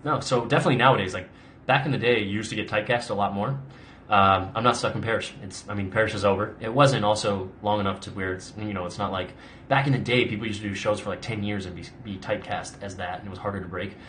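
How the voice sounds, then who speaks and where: A young adult man, an actor hosting a casual live Q&A, rambles chattily through viewer questions, often saying "like" and restarting. His lowish voice moves at a quick pace with fairly even intonation and a fairly bright tone, over slight background noise.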